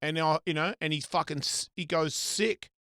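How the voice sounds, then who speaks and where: A man's voice: on the high side, fairly even intonation, moderate pace, sharp tone, dry recording. Rambling Australian man, dry sound. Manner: rambling, profane, lots of restarts. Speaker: host. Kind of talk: casual chat.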